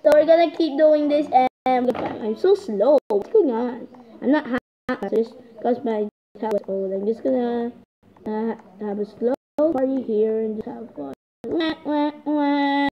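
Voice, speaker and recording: A woman giving excitable, chatty commentary while playing a game, often calling out to "guys". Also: fairly high pitch, moderate pace, dull audio. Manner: excitable, keeps repeating "guys". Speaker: gaming vlogger.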